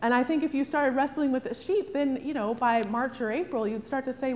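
A woman's voice: high voice, fairly quick, few pauses, long reverb tail, slight background noise. A woman pastor preaching a sermon, asking rhetorical questions and often adding "right?". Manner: animated, rhetorical, frequent "right?".

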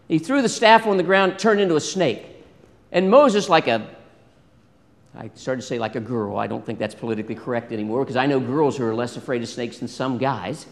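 A man preaching a sermon in a lively way, acting out scripture dialogue and asking the congregation questions. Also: medium pitch, fairly quick. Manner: animated, acts out biblical dialogue, asks congregation questions. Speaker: pastor. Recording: long hall reverb.

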